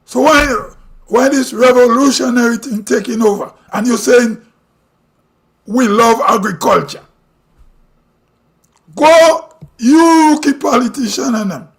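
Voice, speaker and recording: A Grenadian man speaks at a strikingly high pitch, ranting to his live-stream audience. He talks bluntly, firing off rhetorical questions and opinions. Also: normal speed. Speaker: livestream host. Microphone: streaming mic.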